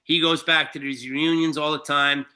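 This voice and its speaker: In a slightly high, sharp-toned voice and a flat delivery, a Shelter Island, New York guest tells a long, profane story at a moderate pace. It's casual storytelling, heavy with fillers and restarts.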